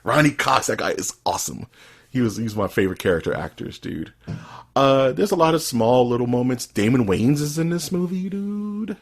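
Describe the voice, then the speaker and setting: A man with a husky, somewhat breathy voice talks as a podcast co-host. His delivery is animated and loose, full of jokes and quick laughs, and his pitch sits in an ordinary middle range. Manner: animated, laughing, says dude and dog a lot. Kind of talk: casual podcast chat.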